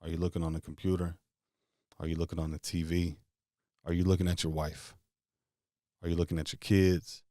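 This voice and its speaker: A man with a very deep voice leads a guided visualization, asking one casual question after another. His voice sounds close and dry, with no room around it. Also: flat delivery, warm tone, dry recording. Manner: string of rapid questions, casual phrasing. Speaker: motivational speaker.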